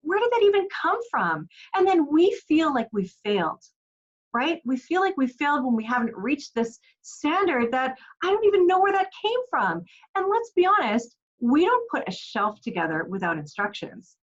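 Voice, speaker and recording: A woman's voice: high-pitched, sing-song, moderate pace. Encouraging woman coach, slightly dull audio. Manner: earnest, encouraging, asks rhetorical questions. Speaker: parenting coach. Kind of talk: direct-to-camera parenting advice.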